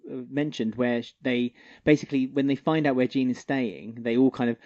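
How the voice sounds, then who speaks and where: A man co-hosting a casual podcast chat, animated and fond of acting out quoted lines. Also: medium pitch, a little fast. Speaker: podcast co-host. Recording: dull lo-fi podcast recording.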